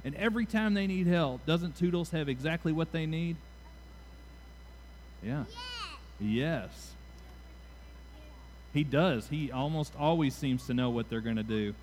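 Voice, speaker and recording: A man giving a children's moment during a church service, playful and animated as he draws the kids into call-and-response. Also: on the high side, unhurried, long pauses, slight background noise. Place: church sanctuary.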